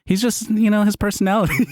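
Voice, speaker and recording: A man hosting a podcast, telling stories in casual chat, animated, often laughing and swearing. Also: sits high, fast, no echo, studio quality. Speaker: podcast host.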